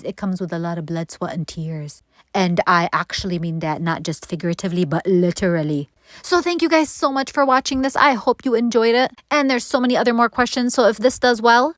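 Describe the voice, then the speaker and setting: A woman's voice: medium pitch, no room sound. Woman in her 40s, baking vlogger, candid chatty Q&A read, dry close mic. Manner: chatty, candid, animated quoting. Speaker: baking channel host. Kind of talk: casual Q&A vlog.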